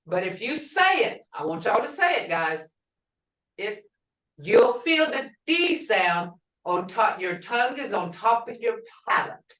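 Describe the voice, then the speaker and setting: A middle-aged woman teaching pronunciation, speaking slowly and repeating each word to drill its sounds. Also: medium pitch, sing-song, a bit bright. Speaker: language teacher. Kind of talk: pronunciation lesson. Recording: echoey room from far off.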